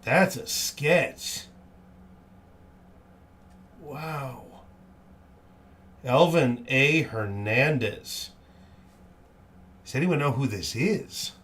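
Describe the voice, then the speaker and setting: A man's voice: mid-range voice, drawn-out words, pauses often, a bit bright. A man hosting a live card break stream, reading out each card with upbeat, cheerful exclamations.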